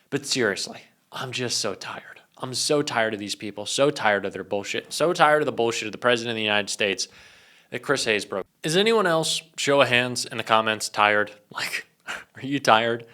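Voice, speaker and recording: A man's voice: medium pitch, bright, forceful tone. A man delivering ranting political commentary, reading news excerpts aloud and then riffing on them in an exasperated, profane, casual way.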